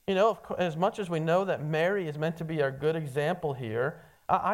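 A preacher giving a conversational sermon, calling listeners "friend" and often restarting words mid-sentence. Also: medium pitch. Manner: addresses listeners as friend, frequent stammered restarts.

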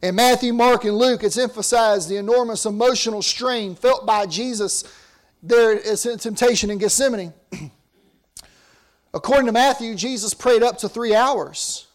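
High-voiced man preaching a sermon. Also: moderate pace. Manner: earnest, building to emphatic lines then dropping to hushed.

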